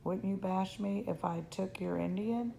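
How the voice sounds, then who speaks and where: A woman's voice: medium pitch, unhurried, vocal fry, mellow, a little hiss or hum, rough recording. A woman voicing a possessive, boastful young boy in a storybook reading, with a whiny, bossy way of talking.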